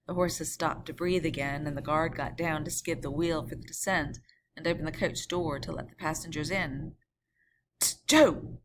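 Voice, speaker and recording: A woman narrates a classic novel in a measured, expressive way. Her voice sits on the low side. A faint hiss of background noise runs underneath. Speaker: audiobook narrator.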